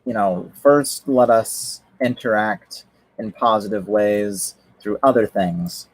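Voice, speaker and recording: A man's voice: lowish voice, slow pace, no echo, low-quality recording. A man chatting casually on a livestream, rambling with lots of fillers and restarts. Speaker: streamer.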